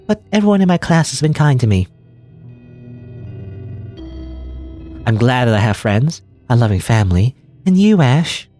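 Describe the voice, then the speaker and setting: A man's voice: medium pitch, darkish tone, lightly acted. A man doing a sweet, gushing teenage girlfriend. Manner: gushing and affectionate, with a creepy edge.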